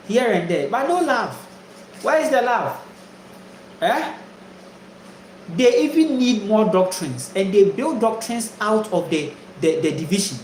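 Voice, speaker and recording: A Ghanaian man, a spiritual teacher, delivers an emphatic, repetitive spiritual monologue packed with rhetorical questions. His high-pitched voice is reverberant, and the low-quality recording carries a little hiss or hum.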